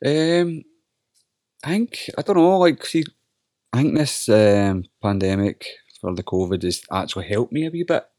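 A man's voice: mid-range voice, sing-song, a little slow, darkish tone, dry recording, clean studio sound. A young Scottish man, a professional wrestler, chatting bluntly in an interview, swearing a lot and restarting his sentences as he rambles. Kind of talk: casual interview chat.

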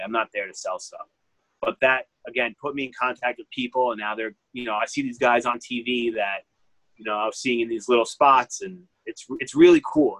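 A medium-pitched, somewhat bright voice belongs to a man in his 30s who runs a vintage clothing store, telling a story in a laid-back interview. He rambles, sprinkles in "like" constantly, and voices what people said. The recording is dry and low quality.

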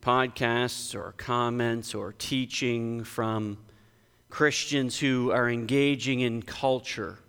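Male pastor, smooth resonant voice, emphatic sermon delivery, long church reverb. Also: fairly even intonation, slow pace, fairly bright tone. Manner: emphatic, conversational preaching with sudden lifts in pitch. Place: church sanctuary.

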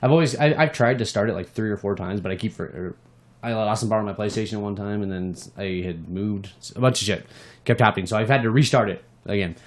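A man's voice: lowish voice, quick pace. A man co-hosting a gaming podcast, chatting casually and ranting with plenty of swearing. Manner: animated and profane, ranting about games. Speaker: podcast co-host. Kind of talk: casual chat.

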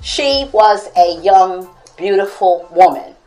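A woman's voice: medium pitch, animated, slow, warm tone, soft background music, rough recording. A woman reading her own book aloud with commentary, chuckling often between lines.

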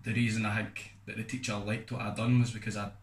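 A man's voice: on the low side, little pitch movement, quick pace. A young Scottish man, co-hosting a podcast, telling a long rambling story in a loose, casual way. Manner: rambling, loose, fond of "do you know what I mean". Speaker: podcast co-host. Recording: echoey room with faint noise.

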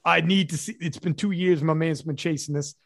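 A man hosting a podcast in casual chat, telling stories in a profane, animated way. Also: a little high, fairly quick, vocal fry, dry recording, studio quality. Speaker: podcast host.

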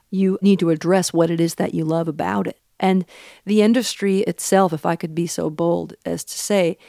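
A woman in her thirties with a Southern accent answers interview questions earnestly, thinking aloud with plenty of fillers. Her voice sits low for a woman and carries a gravelly fry. The recording is close and dry. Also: mellow, no echo. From Pacific Northwest. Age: 30s. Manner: earnest and reflective, with frequent fillers. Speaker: interview guest, country singer. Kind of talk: thoughtful interview talk.

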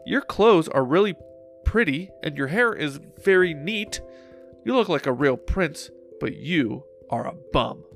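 Man doing a clever little princess, high squeaky voice, slow and eager, bit gravelly. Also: expressive, faint music behind, exaggerated voice. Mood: tart. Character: brave clever young princess.

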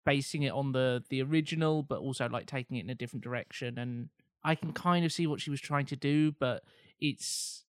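A man in a casual film chat, giving measured, hesitant opinions with frequent restarts. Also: mid-range voice, smooth, dry recording, studio quality.

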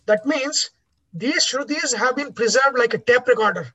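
A man's voice: extremely high pitch, moderate pace, sharp tone. A man teaching a class in an explanatory lecture style, often restarting his words and checking in with "right?". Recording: dull lo-fi recording.

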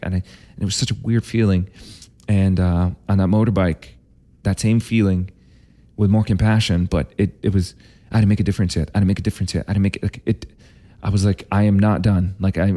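Guy, low flat mellow voice, candid storyteller. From Canada. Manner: candid, emphatic storytelling with many fillers and repeats. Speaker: vlogger. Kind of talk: personal storytelling monologue.

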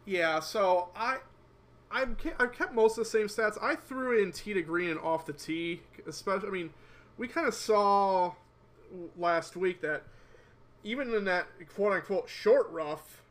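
A man co-hosting a casual sports podcast, chatty, with quick asides, often quoting himself. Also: high-pitched, a bit bright. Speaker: podcast co-host.

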